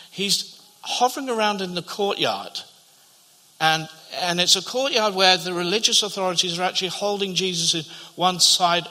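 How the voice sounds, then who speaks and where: A man preaching in a hall with a long, ringing reverb. His voice is high and very bright, almost sharp. He tells the story in a storyteller's way, repeats words as he goes, and sinks to a near hush for the tender parts. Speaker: pastor. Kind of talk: sermon.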